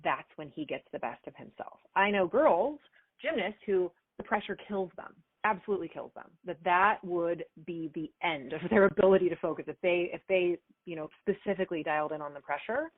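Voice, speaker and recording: A woman in her forties, a performance coach answering interview questions in an energetic, chatty way. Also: on the low side, a little fast, no echo. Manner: energetic, chatty, acts out little quoted exchanges. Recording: dry, phone-like remote call audio.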